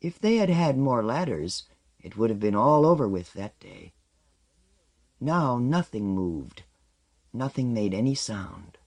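Male audiobook narrator, measured and expressive, with a lively, varied pitch. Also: vocal fry. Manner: measured, expressive storytelling with dropping line ends.

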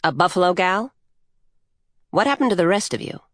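A coyote spirit in a woman's shape, earthy, crude and carefree, tossing out blunt, playful remarks, as a woman narrator puts her on. She sounds a little higher and looser than the narration around her, and the audiobook recording is close and dry. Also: expressive, moderate pace, a bit bright, no echo. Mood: offhand.

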